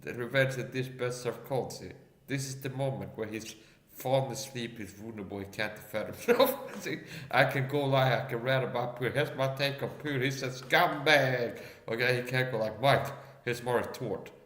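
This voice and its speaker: A man's voice: medium pitch, brisk, fairly bright tone. A man ranting casually as a livestream guest, tagging his lines with "okay?" and "see?", recorded with a roomy echo. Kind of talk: casual rant.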